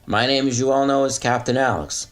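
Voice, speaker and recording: A man's voice: mid-range voice, steady tone, fairly quick, faint music behind, lightly acted. A man in a played clip, acting as a self-important young online "captain" who lectures and complains. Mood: pompous. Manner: pompous, stiff, lecturing, complaining of being pissed off. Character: self-serious young male online "captain" of a chat platoon, touchy and easily angered.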